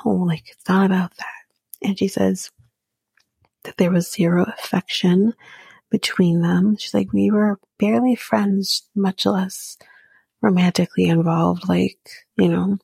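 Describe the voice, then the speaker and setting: A woman hosting a podcast, recapping a reality show in casual chat, blunt and sarcastic, swearing freely and slipping into soft whispery asides. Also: mid-range voice, level tone, slow, creaky, long pauses, husky, no echo.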